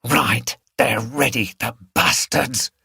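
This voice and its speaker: A man voicing a fierce, defiant young woman hunt saboteur who shouts and curses. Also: medium pitch, slow, creaky, husky, no echo, studio quality, exaggerated voice. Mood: hissing whisper. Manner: shouting, furious, cursing.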